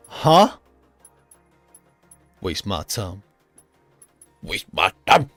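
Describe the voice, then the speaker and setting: A young man streaming a racing game live, joking and talking to himself with excitable reactions. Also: mid-range voice, normal speed, pauses often, breathy edge, no room sound. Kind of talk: live gaming commentary. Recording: loud game music behind voice. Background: racing game music and engine sounds.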